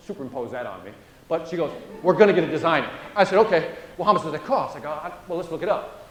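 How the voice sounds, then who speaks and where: A middle-aged man gives a keynote on selling, telling a story and playing every part in it with a high, swooping voice. He keeps checking in with the audience between lines. The sound rings around a large, echoey room. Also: fast. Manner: animated, acts out dialogue, frequent "right?". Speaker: sales trainer and motivational speaker.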